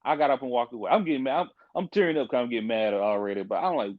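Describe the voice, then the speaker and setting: A young man who works as a court caseworker appears as a podcast guest, telling stories in a casual, animated, frank, and emphatic way with quick restarts. His mid-range voice comes through a muffled, dry recording without echo.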